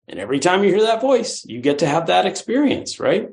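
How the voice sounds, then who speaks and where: A man giving a Buddhist dharma talk in a conversational, animated way, with playful swoops of the voice. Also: high voice, fairly quick, vocal fry. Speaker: Buddhist teacher.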